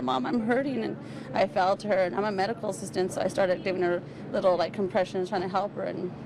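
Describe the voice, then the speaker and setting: A woman giving a street interview as a grieving mother, telling her story haltingly between nervous laughs. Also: medium pitch. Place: outdoors on a city street. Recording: outdoor street interview with traffic noise.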